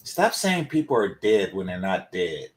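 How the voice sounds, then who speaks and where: A man's voice: low voice, sing-song, unhurried. A man hosting his channel, talking through a topic in loose, rambling casual commentary with many fillers, his voice a little congested from a developing cold. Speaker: channel host.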